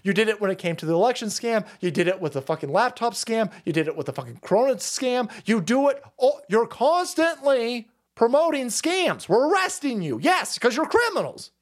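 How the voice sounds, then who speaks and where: A man's voice: very high voice, big pitch swings, a little fast, hardly any pauses. A man hosting a political commentary stream, ranting in a foul-mouthed, sarcastic, mocking way. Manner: swings into exaggerated mocking voices. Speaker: stream host.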